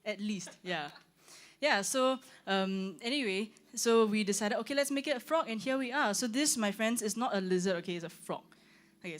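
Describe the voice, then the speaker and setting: A young woman, a singer chatting casually on a livestream, rambling with lots of "like" and "um". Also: medium pitch. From Singapore. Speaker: singer hosting her own launch stream. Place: room with her band.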